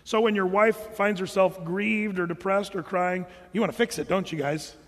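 A man's voice: high voice, steady tone, moderate pace, a bit bright. A man preaching a sermon in a humorous, conversational way, with joking asides to the congregation. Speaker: pastor. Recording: long hall reverb.

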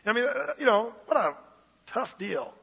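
A man preaching a sermon as pastor, lively and conversational, with playful asides. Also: very high-pitched, normal speed, vocal fry, slightly rough. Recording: dull lo-fi sound, long reverb of a hall.

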